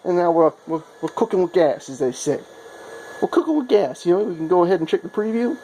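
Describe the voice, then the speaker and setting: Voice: mid-range voice, expressive, fast talker, dark tone, a little hiss or hum, poor audio. A maker vlogger chatting casually and playfully in a workshop, showing off projects with self-mocking asides. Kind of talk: casual show-and-tell vlog.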